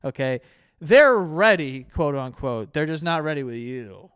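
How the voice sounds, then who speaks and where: A man's voice: a little high, expressive, measured pace, a bit bright, clean tone. A man reacting to dating advice in a loose, crude, joking way, often laughing and doing mock voices. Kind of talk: casual reaction commentary.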